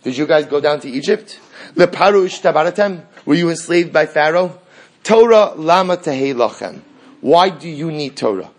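Guy with a highish voice teaching talmud, acts out the dialogue, animated, asks a lot of questions. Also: moderate pace. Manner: animated storytelling, acting out dialogue between characters; frequent restarts and rhetorical questions. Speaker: Torah teacher. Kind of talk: Talmud class lecture.

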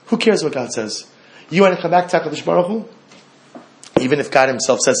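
A man preaching as a rabbi, telling a story with emphatic, repeated phrases and frequent restarts. His voice sits at an ordinary middle pitch. A faint ambient hiss runs underneath. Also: lively intonation, fairly quick. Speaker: rabbi teaching Talmud. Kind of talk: animated storytelling sermon.

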